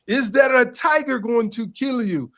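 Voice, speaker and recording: A man's voice: very high-pitched, unhurried, fairly bright tone, voice pushed up, exaggerated voice. A man doing a laid-back island hotel manager. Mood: soothing.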